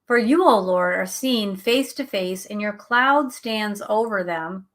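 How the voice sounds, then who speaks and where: A middle-aged woman hosting a show, teaching a Bible study in a conversational, animated way and laughing at herself now and then. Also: mid-range voice, takes it slowly. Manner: animated, chatty, acts out quotes, laughs at herself.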